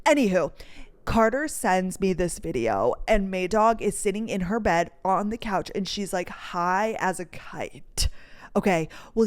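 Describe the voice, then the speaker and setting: A woman from North Dakota hosting her own podcast, telling a story in a rambling, chatty way with lots of "like" and casual swearing. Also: medium pitch. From North Dakota, USA. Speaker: podcast host. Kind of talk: casual solo storytelling chat.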